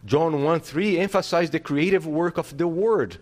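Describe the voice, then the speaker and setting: A pastor delivers a sermon in a somewhat high male voice, teaching with rhetorical questions and restarting phrases. He's emphatic, shifting widely between loud, forceful lines and slow, quiet ones.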